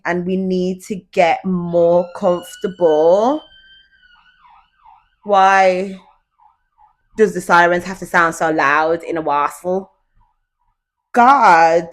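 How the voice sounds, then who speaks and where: A young woman hosting her own podcast at home, talking casually and confidingly straight to her listeners. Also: lowish voice. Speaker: podcast host. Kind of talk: casual solo podcast chat. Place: at home, indoors.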